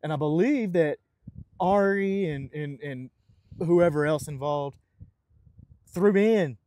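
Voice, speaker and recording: A man's voice: fairly high pitch, slow, darkish tone. A man co-hosting a casual podcast, rambling with lots of restarts and repeated words. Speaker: podcast co-host. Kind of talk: casual chat. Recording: audible background noise.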